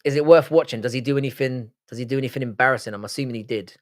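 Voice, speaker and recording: With a medium-pitched voice that races along, a young Cork man hosts a laid-back livestream. He reads viewer comments aloud and answers them in his Irish accent, bluntly, with plenty of swearing and rambling.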